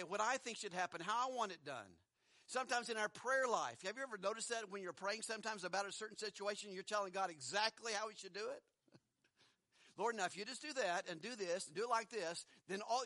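High bright-voiced male preacher. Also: no echo, clean studio sound. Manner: conversational, rhetorical questions, chuckles between points. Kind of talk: sermon.

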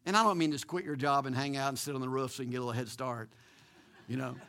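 A man preaching a sermon as pastor, animated and emphatic, with repeated words, restarts and the odd chuckle. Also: medium pitch, fast talker, gravelly.

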